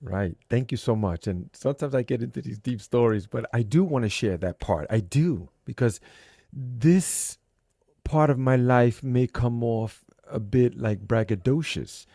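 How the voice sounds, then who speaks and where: A middle-aged man telling his story as a podcast guest, animated and acting out the voices in his head. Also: mid-range voice, a little slow, dry recording, clean studio sound. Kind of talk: casual conversation.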